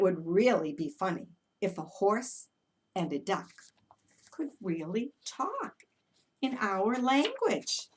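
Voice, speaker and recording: A woman who is an early childhood educator, leading a children's story time with movement in an animated, encouraging way for toddlers. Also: medium pitch, slow, recorded from a distance.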